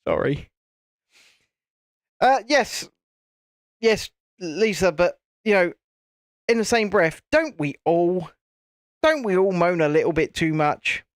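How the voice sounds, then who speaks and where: Lively chatty man. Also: high-pitched, slow, pauses often, no room sound. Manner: chatty, laughs often, mild swearing, restarts. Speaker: host. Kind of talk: casual live-stream chat while building.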